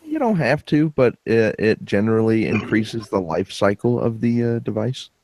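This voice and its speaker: A man's voice: fairly low pitch, lively intonation, normal speed, a little mellow, dry recording. A man hosting a casual podcast chat, wry and joking, swearing now and then. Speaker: podcast host.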